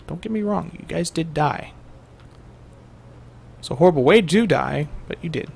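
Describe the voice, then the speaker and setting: A man's voice: fairly high pitch, animated, normal speed, vocal fry, a little mellow, husky. A young man giving rambling, jokey let's-play commentary to his viewers as a gaming host.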